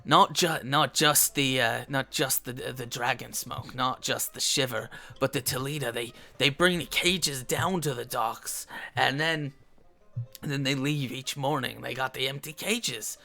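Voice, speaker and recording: A man voicing a shady man gossiping quietly in an alley, in a halting, muttering way. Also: medium pitch, creaky, faint music behind. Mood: secretive.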